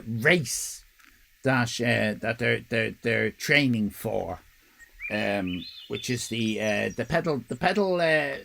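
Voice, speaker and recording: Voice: mid-range voice, gravelly, a bit bright, slight background noise. An Irish live-stream host chatting casually with viewers, rambling and swearing in mock outrage. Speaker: livestream host.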